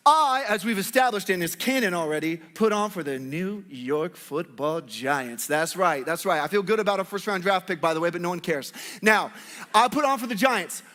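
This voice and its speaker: High-voiced joking pastor in a hall. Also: male voice, bright, forceful tone. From Northwest Arkansas, United States. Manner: playful, joking with the congregation. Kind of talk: sermon. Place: church hall with congregation. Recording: long hall reverb.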